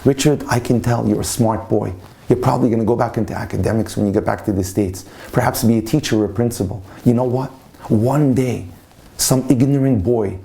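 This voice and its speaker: A man's voice: mid-range voice, vocal fry, dark tone, natural voice. A man voicing a stern older rabbi who heads a yeshiva, speaking in an insistent way.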